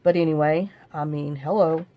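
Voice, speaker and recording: A woman's voice: low voice, steady tone, moderate pace, lo-fi sound. A middle-aged woman, chatting casually while she crafts and telling a long story full of fillers and restarts. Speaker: crafting vlogger.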